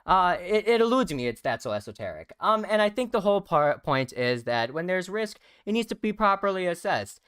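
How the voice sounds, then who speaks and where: A man's voice: high-pitched, sing-song, a little fast, few pauses, a bit bright, clear, resonant tone, dry recording, studio quality. A young man co-hosting a casual livestream, joking and rambling with lots of fillers. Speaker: co-host.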